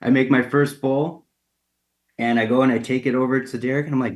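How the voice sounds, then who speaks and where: A ceramic artist, a man guesting on a radio interview, tells a casual, animated story, acting out the lines of the people in it with plenty of fillers. His voice is medium-pitched and a little fast.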